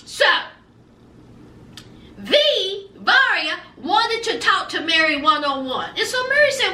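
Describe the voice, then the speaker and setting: Sassy woman reviewer, very high voice, lively pitch, echoey room. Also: takes it slowly. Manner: sassy, dramatic retelling with slang. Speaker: reality TV reviewer. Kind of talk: casual recap commentary. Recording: echoey room, mic at a distance.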